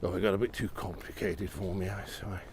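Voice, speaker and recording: Chatty low-voiced man on a snowy night walk. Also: flat delivery, quick pace, slight background noise. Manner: exclamatory, gently enthusiastic, often asks viewers questions. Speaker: live-stream vlogger. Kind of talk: chatty live walk narration to viewers. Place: outdoors on a snowy, windy city street at night. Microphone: iPhone on a gimbal.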